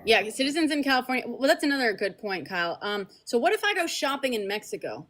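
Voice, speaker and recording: A woman's voice: a little high, big pitch swings, fast, a bit bright. A woman from Spain with a Spanish accent, hosting a heated online debate and pressing the other side with repeated questions. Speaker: streamer debating callers.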